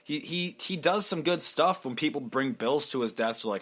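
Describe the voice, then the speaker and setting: A man's voice: fairly high pitch, expressive, moderate pace, fairly bright tone. A young man hosting a solo podcast, rambling crudely with lots of swearing and laughter, slipping into mocking impressions. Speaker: podcast host.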